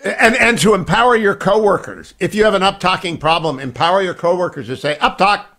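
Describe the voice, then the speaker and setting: Guy in his 60s hosting talk radio, kinda high voice, jokey and chatty into a studio mic. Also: brisk, sharp tone. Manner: joking, bantering. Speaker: radio talk show host. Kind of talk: casual radio interview.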